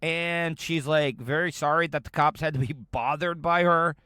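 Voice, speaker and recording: This American podcast host rambles casually as he reacts to audio clips, restarting often in a chatty way. His fairly high voice is bright, forceful, clear and resonant, with fairly even intonation and a moderate pace, recorded in a clean studio with no echo.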